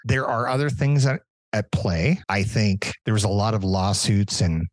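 A man's voice: fairly low pitch, measured pace, dry recording, rough recording. A man co-hosting a podcast, ranting angrily with lots of profanity in a casual chat. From Southern California. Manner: angry, profane, animated ranting. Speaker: podcast co-host.

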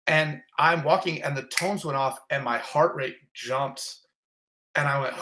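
A man telling a personal story in an interview, animated and emotional, gasping and exclaiming as he relives it, rambling with many restarts. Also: on the high side, a little slow. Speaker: interview guest.

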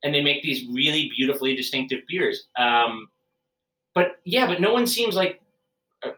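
A man's voice: a little high, lively intonation, normal speed, pushed and bright. A man who works as a brewer, chatting casually and at length, rambling with fillers and restarts. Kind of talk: casual podcast chat. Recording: roomy, distant from the mic.

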